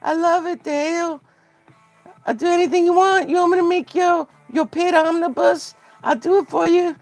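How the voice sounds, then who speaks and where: Gushing young woman in a squeaky falsetto, cooing and sing-song, put on by a man. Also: fairly even intonation, moderate pace, no room sound, faint music behind, low-quality recording. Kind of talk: mocking impression on livestream.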